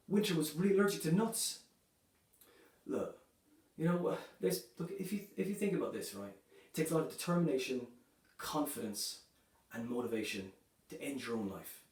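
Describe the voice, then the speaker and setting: A man performing a stand-up comedy set, delivering dark jokes in a loose, chatty way, filling his lines with "you know" and "right". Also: fairly high pitch, animated, normal speed. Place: comedy club stage. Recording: echoey room, voice from a distance.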